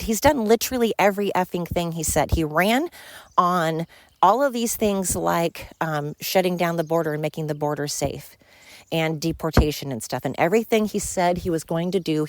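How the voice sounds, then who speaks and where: A woman's voice: fairly low pitch, a little mellow, dry recording. A woman in her fifties hosting a solo podcast, ranting in a heated, emphatic way, swearing and repeating words for emphasis. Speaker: podcast host. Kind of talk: opinionated solo podcast rant.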